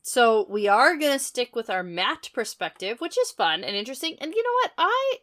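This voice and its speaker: A woman's voice: on the high side, big pitch swings, fairly bright tone. Chatty woman co-hosting a podcast. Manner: chatty, laughs often, quick asides. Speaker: podcast co-host. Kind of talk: casual book discussion.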